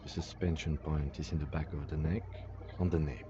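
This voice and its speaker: An actor voicing a grave, deep-voiced male narrator of a detective game, measured and clinical. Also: fairly even intonation. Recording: muffled game audio with clear hiss.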